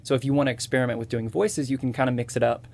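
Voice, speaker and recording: A man's voice: medium pitch, steady tone, rapid-fire, creaky, darkish tone, a little hiss or hum. A man with a slightly nasal voice, a voice actor and impressionist guest explaining his techniques step by step in casual interview chat.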